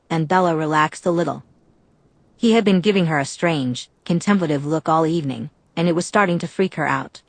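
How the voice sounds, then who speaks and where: Low-voiced woman narrating an audiobook. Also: no room sound.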